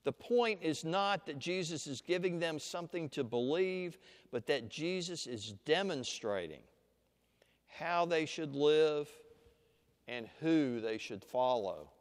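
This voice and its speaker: A man preaching a sermon, teaching slowly and deliberately with dramatic pauses and leading listeners through an imagined scene. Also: on the high side, lively intonation. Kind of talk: sermon with guided imagination exercise. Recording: long hall reverb.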